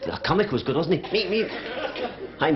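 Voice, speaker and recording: A man's voice: a little high, very animated, a little fast, a loud crowd, heavy background noise. A man with a Liverpool accent doing a cheeky stand-up comedy routine, chatting and bantering with a live audience. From Liverpool, England. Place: theatre stage before a live audience. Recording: dull 1970s TV broadcast audio, loud audience laughter.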